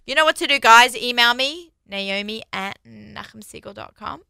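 A woman's voice: a little high, normal speed, gravelly, sharp tone, clear, resonant tone, no room sound. A woman hosting a radio talk show in a studio, chatty and upbeat, laughing often. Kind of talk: casual studio chat.

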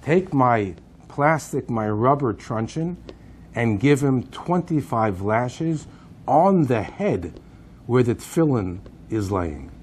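A man's voice: medium pitch, lively intonation, slow, darkish tone, a little hiss or hum. A man voicing a sneering Nazi camp guard. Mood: cold.

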